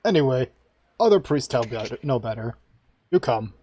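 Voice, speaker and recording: A man voicing a gruff male priest guide who speaks the common tongue in halting, broken phrases. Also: medium pitch, animated, mellow, natural voice. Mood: earnest.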